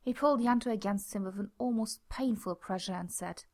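A young woman reading a story aloud in a soft voice, dropping to a near whisper in tense passages. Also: medium pitch, a little fast. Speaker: reader. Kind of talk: reading fan fiction aloud.

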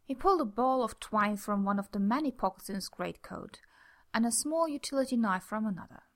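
Soft-spoken woman reading a story aloud. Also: on the high side, expressive, brisk. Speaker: reader. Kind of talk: reading fan fiction aloud.

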